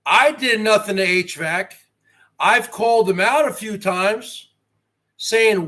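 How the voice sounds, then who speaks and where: High-voiced man boasting on a live stream. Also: slow, bright, forceful tone. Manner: boastful wrestling-promo bravado, rhetorical questions. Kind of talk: rambling live-stream chat.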